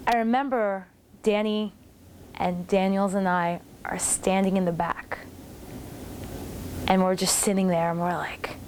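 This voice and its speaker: A woman's voice: medium pitch, measured pace, long pauses, slight background noise. Chatty woman telling wrestling stories. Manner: animated, acts out others' lines in quotes. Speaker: former wrestler recalling her career. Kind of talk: casual storytelling commentary.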